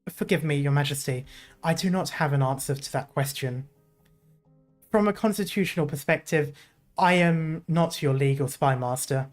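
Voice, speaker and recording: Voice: mid-range voice, moderate pace, faint music behind, lightly acted. A streamer voicing a cautious court advisor and spymaster, reading in a careful, formal, deferential way with a put-on British accent. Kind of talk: reading a game story aloud.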